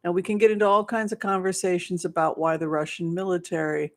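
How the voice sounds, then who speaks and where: Rambling psychic host, mid-pitched. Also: flat delivery, fast talker. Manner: rambling with restarts and acted-out quotes. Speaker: psychic remote viewer. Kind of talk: live question-and-answer monologue.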